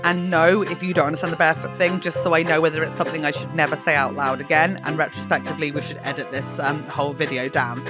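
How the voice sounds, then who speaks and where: A woman's voice: deep voice, steady tone, fast, few pauses, music in the background. A woman hosting a podcast in casual chat, swearing freely and laughing at herself. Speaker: podcast host.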